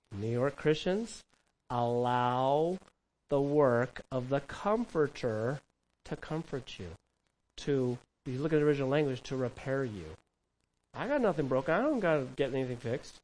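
Emphatic pastor preaching. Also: male voice, on the high side. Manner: emphatic, conversational preaching with rhetorical questions. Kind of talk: sermon.

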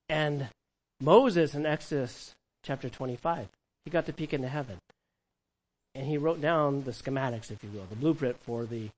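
A man preaching a sermon as pastor, animated, moving between hushed and loud passages and asking the congregation questions. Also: mid-range voice, rough recording.

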